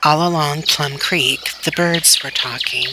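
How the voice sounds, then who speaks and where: A woman reading a children's novel aloud in a slow, deliberate, gentle way. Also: low voice, slight background noise. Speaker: storybook reader.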